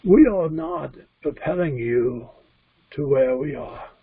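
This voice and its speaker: A man voicing a calm male spirit guide that speaks through him, measured and solemn, on a dull, dry computer recording. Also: a little high, husky, voice pushed up, full character voice. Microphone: computer mic.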